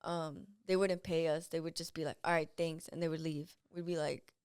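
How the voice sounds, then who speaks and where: A woman's voice: sits low, fairly even intonation, fairly quick, a little mellow, smooth, no room sound, clean studio sound. A woman guest on a podcast telling a story in casual chat, rambling and filling her speech with "like". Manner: rambling, heavy use of "like".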